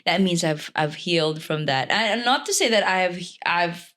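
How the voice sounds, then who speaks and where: A woman from Malaysia, a lively podcast guest who laughs easily and talks in quick asides. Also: fairly low pitch. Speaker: podcast guest, life coach. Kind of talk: casual interview chat.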